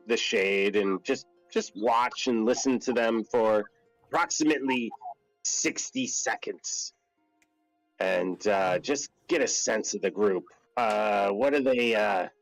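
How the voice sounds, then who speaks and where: A man's voice: medium pitch, vocal fry, dry recording, poor audio. A man playing a tabletop game, laid-back and joking as he plans his moves. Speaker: player. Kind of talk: tabletop role-play chat.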